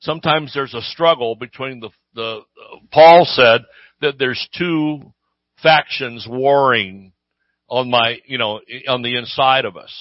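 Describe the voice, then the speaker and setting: A man's voice: mid-range voice, measured pace, no echo. Man, pastor, conversational sermon, asks "Amen?" often, close dry mic, slightly muffled sound. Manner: conversational preaching with call-and-response "Amen?".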